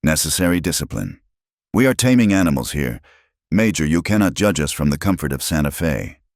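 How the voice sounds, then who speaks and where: A man voicing a brutal, blustering army colonel who shouts harshly. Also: rumbling low, animated, brisk, dry recording, clean studio sound. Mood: harsh shouting.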